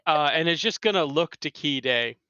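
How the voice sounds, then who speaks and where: A man's voice: fairly high pitch, expressive, normal speed, bright, forceful tone, clear, resonant tone, no room sound, soft background music. A man playing in a tabletop game, making wry, dry jokes. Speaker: player. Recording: dull, lo-fi mic.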